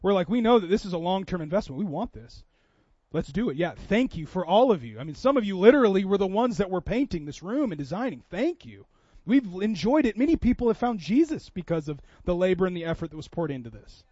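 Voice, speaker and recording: A man's voice: high voice, very animated, fast, mellow, no echo, muffled recording. A man preaching a sermon in a church, telling a story in a conversational way that builds to impassioned preaching. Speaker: pastor.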